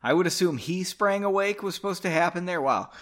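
A man's voice: high voice, a little fast, fairly bright tone. A man hosting a podcast, reading his own novel aloud and drinking as he goes, breaking in with sarcastic, profane, self-mocking asides. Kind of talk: comic read-aloud with asides.

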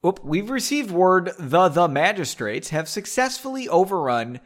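A man's voice: high voice, very animated, moderate pace. Sir Roland, a man reading a stern knight commander. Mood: formal. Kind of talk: comedic book reading.

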